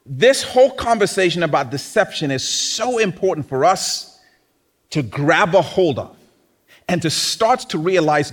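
A man's voice: a little high, expressive, measured pace. A man preaching a sermon in a conversational, teasing way, often acting out mocking quotes.

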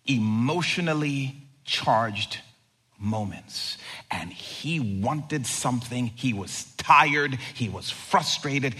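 A man preaching a sermon as pastor, animated, acting out quoted lines and swinging from loud to hushed. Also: medium pitch, slow pace, husky. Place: church sanctuary. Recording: long reverb of a large hall.

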